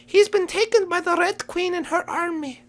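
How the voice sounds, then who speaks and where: A woman voicing a jittery, overeager male white rabbit in a game role-play, talking in a hurried, pleading way. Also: extremely high pitch, voice pushed up. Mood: eager, pleading.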